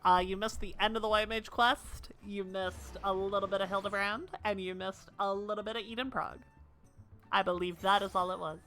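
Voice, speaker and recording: A woman streamer chatting casually between lines of game dialogue, with wry asides. Her voice is bright and forward at a middle pitch, and faint music plays behind her. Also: steady tone, brisk.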